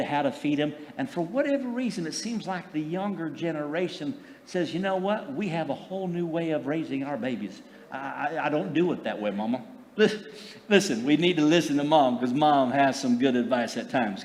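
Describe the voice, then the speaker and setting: A man's voice: a little high, long reverb tail. A middle-aged man preaching a sermon in a folksy, conversational way, full of fillers and repeated words. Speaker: pastor.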